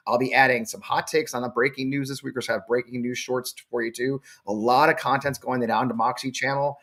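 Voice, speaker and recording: Male host in his forties, middle pitch; blunt, defiant, swears freely. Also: steady tone, brisk, a bit bright. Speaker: show host. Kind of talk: live show monologue.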